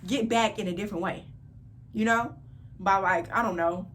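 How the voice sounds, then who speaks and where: A young woman in her twenties tells a story straight to camera in a loose, chatty storytime vlog. Her voice sits at an ordinary middle pitch for a woman. She gets animated and repeats lines for emphasis. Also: normal speed, a little hiss or hum. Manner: animated, repeats phrases for emphasis, breaks into laughter. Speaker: vlogger.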